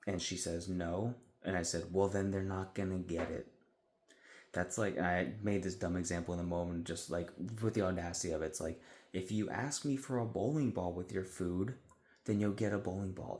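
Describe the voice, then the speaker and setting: A man's voice: low voice, normal speed, a little mellow, slight background noise. A man venting in a rambling, exasperated, profane way in a casual monologue. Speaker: vlogger.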